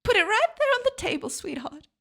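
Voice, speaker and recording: A woman's voice: extremely high pitch, big pitch swings, quick pace, vocal fry, bright, forceful tone, pitched above the performer's own voice, exaggerated voice. A woman voicing a cheeky working-class British man, in a mock cockney manner. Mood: flirty. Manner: mock cockney, brash and teasing.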